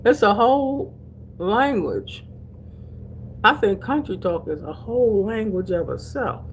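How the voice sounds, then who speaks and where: A woman's voice: mid-range voice, expressive, unhurried, a little hiss or hum. An older woman from Delaware chatting casually to camera as a vlogger. She calls her viewers honey and baby and laughs easily while telling stories. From Delaware, USA.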